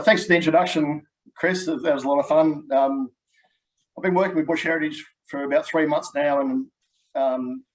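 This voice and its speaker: A middle-aged man with an Australian accent giving a relaxed, chatty webinar presentation as a land manager, with frequent ums. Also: mid-range voice, poor audio. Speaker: healthy landscape manager.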